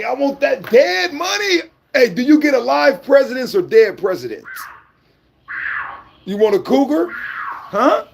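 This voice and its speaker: Man, high gravelly voice, animated pitch, rowdy teasing vlog banter. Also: a little hiss or hum. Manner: loud teasing, repeats phrases, sing-song. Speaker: vlogger.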